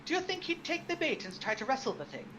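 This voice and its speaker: Playful female player, animated pitch, curious tone. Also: fast talker. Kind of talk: tabletop role-play.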